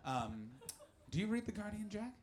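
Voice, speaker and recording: A man doing stand-up comedy and chatting with the crowd. His delivery is animated and full of swearing, and he swings between shouting and muttering. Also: high voice, moderate pace. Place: live comedy venue with audience.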